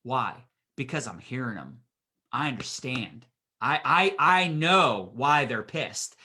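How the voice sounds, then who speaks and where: A man's voice: mid-range voice, slow pace. A man giving a casual motivational leadership talk as a business coach, acting out the people he quotes. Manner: casual, animated, acts out voices of people he quotes. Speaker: business coach leading a training session.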